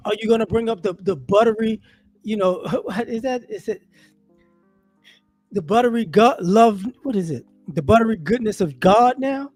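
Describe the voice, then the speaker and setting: A man giving casual monologue commentary as an online commentator, animated and rhetorical, often restarting his sentences. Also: sits high, normal speed, no echo, faint music behind.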